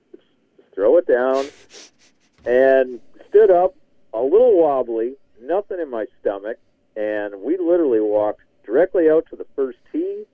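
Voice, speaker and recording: A man's voice: medium pitch, no echo. Male podcast guest, chatty yarn-spinner, thin phone-line sound. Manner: rambling, laughs often, says "man". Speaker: guest contributor. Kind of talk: casual podcast storytelling. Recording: tinny, dry phone line.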